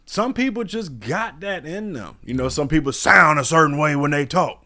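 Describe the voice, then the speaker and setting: A man's voice: a little high, animated, normal speed, pushed and bright. A man co-hosting a podcast, telling stories in an easygoing, profane way. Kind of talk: casual chat.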